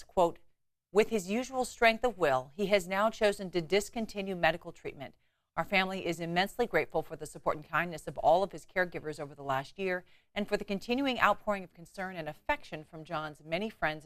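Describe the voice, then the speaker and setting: A woman's voice: on the low side, a bit bright, no room sound. Dry-sounding TV news anchor woman. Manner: brisk, chatty asides between stories. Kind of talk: morning newscast reading. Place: TV studio.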